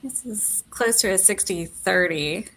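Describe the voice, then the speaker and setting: Woman with a gravelly voice reading poll results. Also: mid-range voice, measured pace, pushed and bright, poor audio. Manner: hesitant, with many filler sounds.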